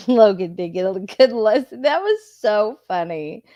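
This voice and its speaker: A woman's voice: mid-range voice, expressive, unhurried, dark tone, dry recording, dull audio. Lady streamer just chatting, laughs a lot, cusses, dead dry mic. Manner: laughs often, profane and chatty. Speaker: streamer reviewing a video. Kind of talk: casual commentary.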